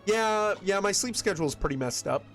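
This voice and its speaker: A man's voice: high voice, animated, a little fast, fairly bright tone, faint music behind. A man from West Michigan with a Michigan accent, chatting casually with his viewers while streaming a game, rambling and often restarting his sentences. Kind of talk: casual chat while gaming.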